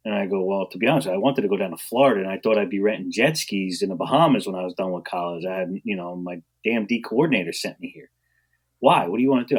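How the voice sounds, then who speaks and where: A man, a guest on a podcast, telling stories about his coaching career in an animated way, acting out what people said and laughing often. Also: deep voice, quick pace, breathy edge. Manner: animated storyteller, acts out quotes, laughs often. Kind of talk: storytelling in a podcast interview.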